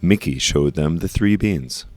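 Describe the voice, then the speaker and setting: Very deep-voiced man reading a storybook. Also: darkish tone. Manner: slow, emphatic on repeated phrases. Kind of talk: storybook read-aloud.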